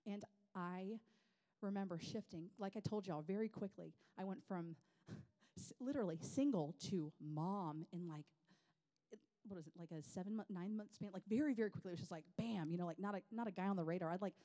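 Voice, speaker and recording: A woman, telling personal stories in an animated, self-deprecating way to a women's gathering. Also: mid-range voice, a little fast. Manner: animated, self-deprecating, chatty with many fillers. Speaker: women's ministry speaker. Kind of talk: personal storytelling talk.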